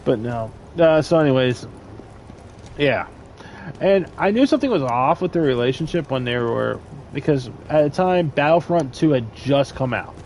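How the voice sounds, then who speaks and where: Young man, gravelly voice, rambling crude storyteller, faint background hiss. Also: mid-range voice, animated, moderate pace, low-quality recording. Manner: rambling, crude, loud laughing bursts. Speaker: storyteller in a casual talk. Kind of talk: casual storytelling chat.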